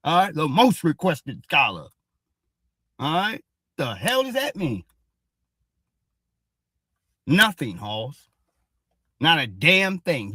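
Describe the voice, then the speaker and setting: A man hosts a ranting commentary show about social media posts, heated and mocking, swearing and saying "all right?" again and again. His slightly high voice is sharp, captured in a dry, studio-quality recording.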